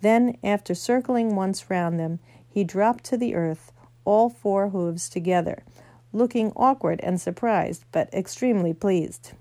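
A woman reading a children's novel aloud, gentle storytelling with small slips. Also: mid-range voice, unhurried, no echo. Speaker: narrator.

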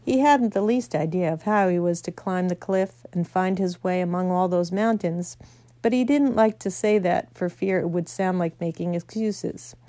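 A woman reading a children's novel aloud, gentle storytelling with small slips. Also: lowish voice, moderate pace, no echo. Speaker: narrator.

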